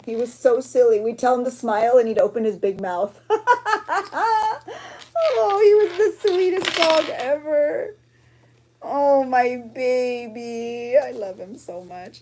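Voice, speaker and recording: Hosting a junk journaling vlog, a woman shows her pages in a chatty, emotional ramble full of fillers. Her voice is medium-pitched and mellow, with slight background noise.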